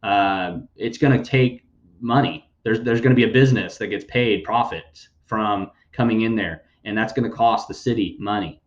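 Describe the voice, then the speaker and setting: A man's voice: fairly low pitch, normal speed, roomy sound, dull audio. A man hosting a podcast, giving blunt, sarcastic news commentary and swearing freely. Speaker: podcast host.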